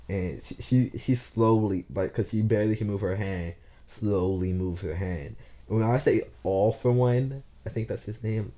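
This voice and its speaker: A man's voice: on the low side, measured pace, mellow. A man rambling through an unscripted fan story, stammering, restarting and cursing casually.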